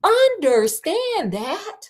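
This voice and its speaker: A woman's voice: high voice, big pitch swings, normal speed, a little mellow, pitched above the performer's own voice. A woman reading the lines of a bewildered, upset man who has just lost his home planet. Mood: indignant. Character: frantic bewildered Englishman, the hero.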